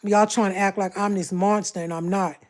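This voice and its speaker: A woman's voice: mid-range voice, fairly even intonation, fairly quick. A woman from Brooklyn with a Brooklyn accent, talking bluntly and confrontationally on a casual livestream. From Brooklyn, New York.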